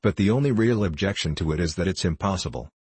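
Guy reading jaded gentleman sleuth, low husky voice, dry ironic drawl. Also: animated, quick pace, no room sound. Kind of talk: audiobook dialogue reading.

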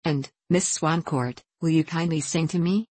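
A woman's voice: low voice, measured pace, darkish tone, breathy edge, no echo. A woman reading the part of a frank, modest young man who speaks politely and earnestly.

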